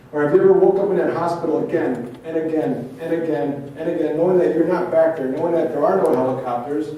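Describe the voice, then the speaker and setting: A man who works as a trauma therapist performs a dramatic spoken-word monologue at an indoor event venue, packing it with intense rhetorical questions and repetition. His voice is a little high and mellow. The mic is far off in an echoey room, with slight background noise.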